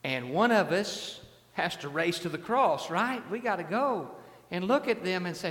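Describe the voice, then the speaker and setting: A man's voice: high voice, normal speed, fairly bright tone, big-room sound. A man preaching a sermon as a pastor, in a conversational way, often repeating his words and asking the congregation questions.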